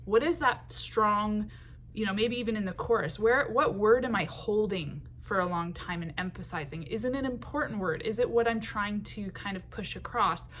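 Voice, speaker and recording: A woman teaching songwriting in a patient, unhurried way, with many ums and short sung phrases. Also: mid-range voice, a bit bright, a little hiss or hum.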